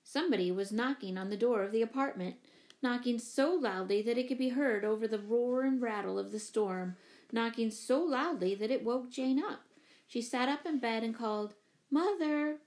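A woman narrating a children's story in an even, expressive reading. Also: fairly high pitch, normal speed. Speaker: audiobook reader. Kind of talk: scripted narration.

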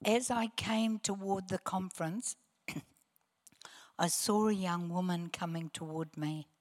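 Slow-talking older New woman preacher. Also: on the low side, in a large hall. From New Zealand. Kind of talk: testimony sermon.

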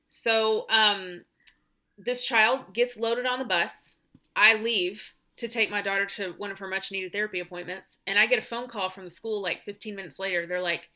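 A middle-aged woman co-hosting a casual podcast, her tone bright and forward. She tells stories with animated energy and swears freely. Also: mid-range voice, normal speed. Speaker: teacher and podcast co-host. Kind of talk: casual chat.

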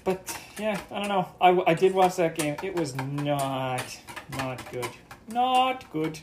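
A man from Canada speaks slowly in a fairly high voice with lively intonation as he hosts a casual solo podcast. He rambles, jokes, and swears while cooking breakfast at home, with noisy kitchen clatter of dishes and cutlery behind him.

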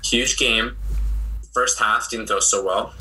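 A young man co-hosting a casual sports chat, recounting games in a relaxed, matter-of-fact way. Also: on the low side, slow, noisy background. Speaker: podcast co-host.

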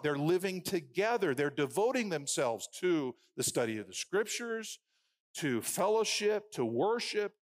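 A man preaching a sermon who builds phrases into rhythmic lists and drops from loud emphasis to a hushed, prayerful murmur. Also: a little high, no echo, clean studio sound.

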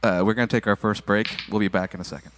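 A man hosting a podcast in casual chat, joking and talking in quick loose bursts. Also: fairly low pitch, steady tone, a bit bright, a little hiss or hum. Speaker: podcast host.

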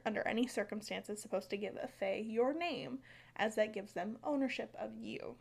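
A woman's voice: a little high, moderate pace, vocal fry, a little mellow. American woman, podcast co-host, casual, talky, filler-prone. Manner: chatty, filler-heavy, reads folklore aloud with stumbles.

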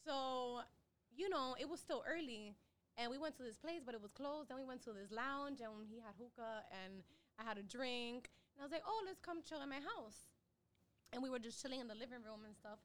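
A young woman, telling a dating story as a podcast guest, animated and laughing often with lots of fillers. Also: a little high, fairly quick, smooth.

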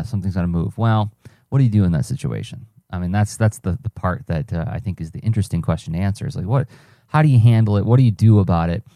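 Low, mellow man musing aloud. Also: no room sound, clean studio sound. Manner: rambling, self-correcting, conversational. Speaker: podcast host, cartoonist and teaching artist. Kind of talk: reflective solo podcast monologue.

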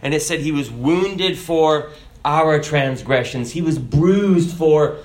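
Male preacher, lively sermon delivery, reads scripture, slightly high voice. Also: slow. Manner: animated preaching, rhetorical questions, reads scripture aloud.

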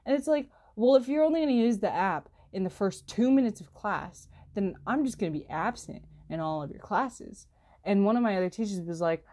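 A teenage girl chatting casually to camera as a student vlogger, rambling and peppering her talk with "like" and "literally", her voice jumping up when she gets exasperated. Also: a little fast. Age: teens. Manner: rambling, heavy use of "like" and "literally"; animated, jumps in pitch when exasperated.

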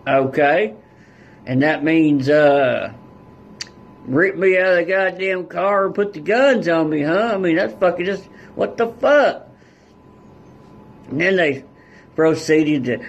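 A man's voice: on the high side, takes it slowly, pauses often, muffled recording. A man guest on a podcast telling a story in a casual, blunt way, with heavy swearing and rural turns of phrase. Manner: blunt and heavily profane, rural dialect.

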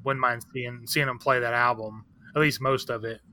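Bright-voiced man rambling casually. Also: mid-range voice, fairly even intonation, moderate pace. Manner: candid, profane, rambling with many fillers. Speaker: guest, record shop owner. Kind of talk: casual chat.

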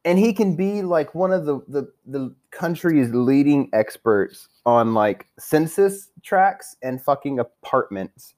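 A man's voice: a little high, expressive, slow, hardly any pauses, a little mellow. A young man rambling through a crude, profane fantasy football season recap, trash-talking his friends while drinking. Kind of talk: profane casual rant.

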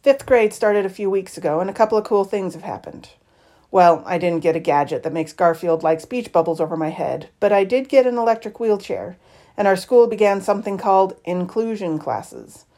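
A woman reading a novel aloud in the first person, with expressive, lively shifts in tone. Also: medium pitch, moderate pace. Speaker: audiobook reader.

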